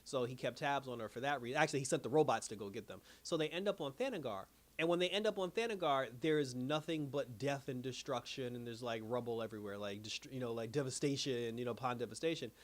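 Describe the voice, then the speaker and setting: A man's voice: mid-range voice, quick pace, hardly any pauses. A man giving a casual, rambling recap of a cartoon episode, full of fillers and acted-out quotes. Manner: rambling, animated retelling with many fillers. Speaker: episode reviewer.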